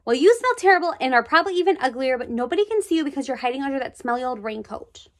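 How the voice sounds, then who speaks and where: A woman voicing an outspoken, sharp-tongued schoolgirl in a storybook reading. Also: high-pitched, very animated, rapid-fire. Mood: cutting.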